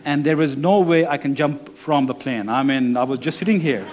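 A man with a higher-leaning voice and darkish tone preaches a sermon while telling a personal story. His delivery is conversational and halting, with restarts and non-native grammar.

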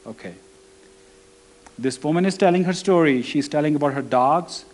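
A man preaching a sermon and telling a personal story, conversational and halting, with restarts and non-native grammar. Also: a little high, a little mellow.

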